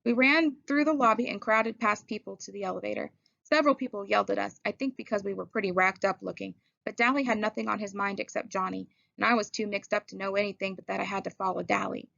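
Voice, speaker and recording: In a dry, slightly dull recording without room sound, a woman reads a first-person novel aloud. Her delivery is even and measured, and her mid-range voice carries a faint gravel.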